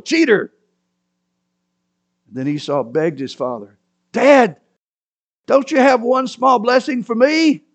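A man delivering a sermon in a fairly high voice. He retells the story dramatically, dropping low and then rising to sudden cries. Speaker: preacher.

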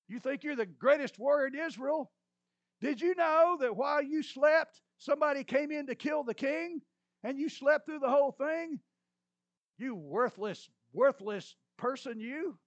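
A man doing a brash young warrior shouting taunts. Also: very high voice, dry recording, dull audio, voice pushed up. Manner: mocking, hollering across a distance.

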